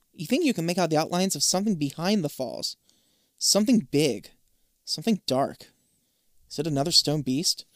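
A man's voice: fairly high pitch, dry recording, clean studio sound. Man reading an adventure gamebook aloud. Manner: casual, swears offhand. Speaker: gamebook reader. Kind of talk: casual reading of a choose-your-own-adventure book.

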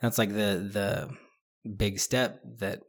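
A man chatting casually about a book, rambling with many restarts and fillers, and growing animated as he goes. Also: on the low side, slow pace. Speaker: podcast co-host discussing a book. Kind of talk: casual chat.

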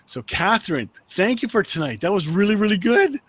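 A man hosting an online panel by video call, effusive and warm in his praise, often saying "oh my goodness" and laughing. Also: sits high, big pitch swings, brisk, breathy edge. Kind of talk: casual chat.

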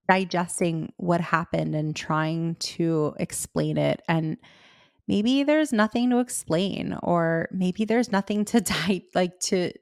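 Casual woman podcast host, young adult, gravelly fry, dry close sound, rambling candid storyteller. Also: fairly low pitch, no room sound. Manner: chatty, heavy use of "like", candid and emotional.

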